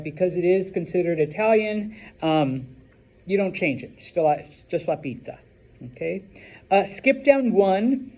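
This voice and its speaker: Casual male teacher, dark husky voice. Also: high-pitched. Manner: casual, checks in with "okay?" after each point. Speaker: Spanish teacher. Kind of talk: classroom teaching. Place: classroom.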